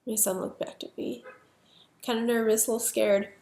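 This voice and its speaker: A middle-aged woman telling a personal story in a halting, reflective way. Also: fairly high pitch, level tone, dark tone. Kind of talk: personal narrative. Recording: echoey room with faint ambient noise.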